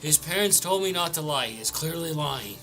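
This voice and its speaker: A prissy tattletale companion in a tabletop game, prim and loud, pitched up higher, as a man puts him on. Clear music runs behind. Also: lively intonation, brisk. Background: background music.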